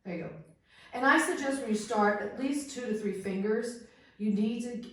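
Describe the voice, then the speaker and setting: A woman's voice: a little high, moderate pace. A middle-aged woman hosting a paranormal session and patiently teaching others how to use a Ouija board, demonstrating as she explains. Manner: instructive, animated, demonstrates while talking. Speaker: host and Ouija instructor. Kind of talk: hands-on teaching during a paranormal investigation. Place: indoors in a room of an old house. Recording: very echoey room.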